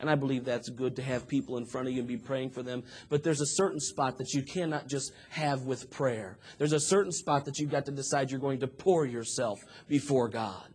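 A man preaching a sermon, moving from quiet talk to shouted fervor and acting out prayers and voices as he tells the story. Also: medium pitch, fairly even intonation, brisk, few pauses, slightly rough. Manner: acts out prayers and dialogue in the telling.

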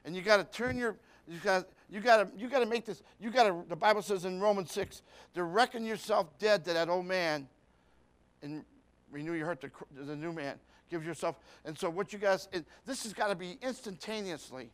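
A man's voice: sits high, a little fast, a bit bright. A man preaching a sermon, telling a folksy story with lots of repetition and rhetorical questions.

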